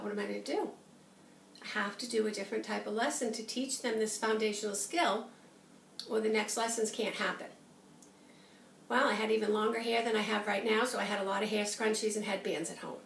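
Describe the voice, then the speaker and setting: A woman teacher demonstrates a classroom method, clear and patient, sometimes talking as if to young children. Her voice sits a little high. She was recorded from a distance in an echoey room with faint background noise.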